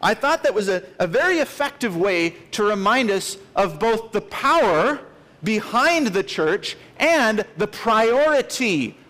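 A pastor in his late thirties delivers a sermon with an earnest, emphatic push. His voice sits a little high for a man, and he leans hard into the words he wants to land. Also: a bit bright. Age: 30s. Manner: earnest, emphatic, with rising stress on key words.

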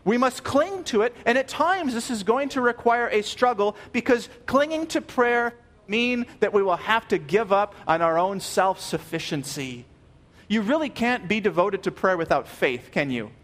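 A pastor preaching a sermon, earnest and emphatic, repeating key phrases and dropping soft at the ends of phrases. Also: male voice, high voice, animated, moderate pace.

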